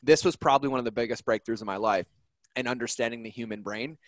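Brief: male podcast guest, earnest motivational talk, mid pitch, close dry mic. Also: quick pace, no room sound. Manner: earnest, emphatic, keeps checking in with "right?". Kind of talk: casual motivational conversation.

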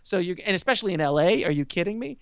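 Man, podcast guest, excitable storyteller, gravelly, dry sound. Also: high-pitched, rapid-fire, dry recording. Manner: animated, excitable storyteller who laughs often; self-mocking, lively anecdote telling. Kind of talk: casual interview storytelling.

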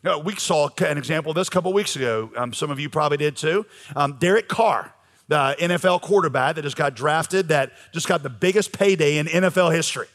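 A man's voice: fairly high pitch, brisk, fairly bright tone. A man preaching a sermon as pastor, talking conversationally with frequent fillers. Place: church sanctuary. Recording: long reverb of a large hall.

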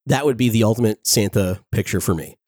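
Excited man gushing in a dry room. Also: on the low side, dry recording. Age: 40s. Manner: excited, quick, laughing often. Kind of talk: casual enthusiastic review.

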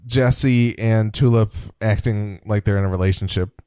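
A man co-hosting a casual podcast, relaxed and agreeable, explaining things at an easy pace. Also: fairly low pitch, normal speed, smooth, no room sound, clean studio sound. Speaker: podcast co-host. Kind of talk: casual chat.

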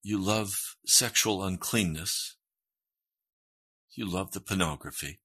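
Male pastor preaching slowly with a husky, bright edge, earnest and emphatic. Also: sits low. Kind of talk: sermon.

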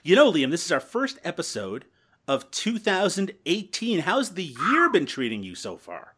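A man's voice: high voice, wildly swooping pitch, normal speed, a bit bright, husky. A man from Canada hosting a comedic podcast, teasing his guests in a mock-serious, joking way. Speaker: podcast host.

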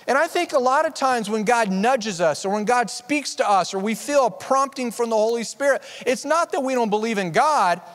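A man's voice: very high-pitched, fairly bright tone, big-room sound. A pastor preaching a sermon in an earnest, conversational way, often restarting his sentences. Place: church sanctuary.

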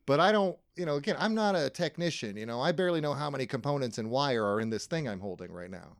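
A man playing a rambling, deadpan vault dweller from a wasteland, improvising as a comedian in character with a dry sound. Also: mid-range voice, fast talker, gravelly, no room sound.

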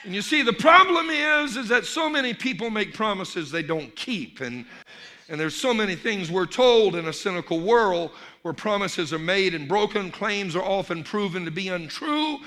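High, bright, fervent male preacher. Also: animated, normal speed. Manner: builds to shouted emphasis, then drops low; storytelling in a Cajun dialect for the joke characters. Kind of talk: sermon with a folksy joke.

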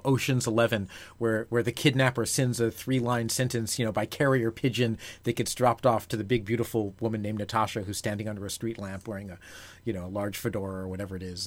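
A man's voice: on the low side, fairly even intonation, fast. A man hosting an interview, asking long questions that he reworks and restarts as he goes. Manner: rambling, self-correcting questions. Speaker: podcast host.

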